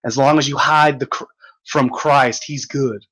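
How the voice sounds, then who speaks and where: Young male streamer, mid-pitched, reads chat aloud and mocks it, swears, laughs a lot. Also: steady tone, unhurried, fairly bright tone, poor audio. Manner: mocking, exasperated, laughs often, swears. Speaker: livestream host reading chat. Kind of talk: ranting livestream chat.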